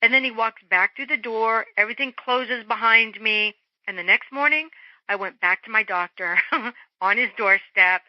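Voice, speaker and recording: Middle-aged female guest, high-ish voice, lively storyteller who acts out dialogue, dry lo-fi audio. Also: normal speed, no echo. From Germany. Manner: animated, acts out quoted voices. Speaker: interview guest. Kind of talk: storytelling in an interview. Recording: dull lo-fi phone-line sound.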